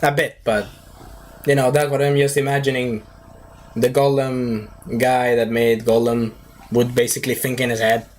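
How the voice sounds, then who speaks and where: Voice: mid-range voice, flat delivery, moderate pace, darkish tone. A movie reviewer talking in a casual, rambling way, drifting off topic and breaking into silly voices.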